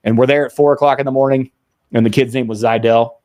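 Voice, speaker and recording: A man's voice: medium pitch, fairly even intonation, quick pace, darkish tone, no room sound, studio quality. Blunt profane man hosting a podcast. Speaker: podcast host. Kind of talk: casual veterans' podcast talk.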